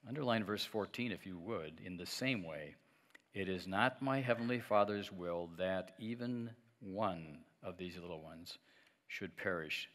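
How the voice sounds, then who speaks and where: Middle-aged male pastor, lowish voice, chatty sermon delivery with audience call-and-response, church hall echo. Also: measured pace, fairly bright tone. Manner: conversational, asks the congregation to respond and repeat; joking asides with light laughs. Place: church sanctuary. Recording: long reverb of a church hall.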